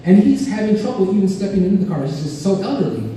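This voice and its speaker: A man's voice: high voice, expressive, fast talker, mellow, far from the mic, slight background noise. A man doing a rambling, self-mocking stand-up routine, heard from afar in an echoey club. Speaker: stand-up comedian.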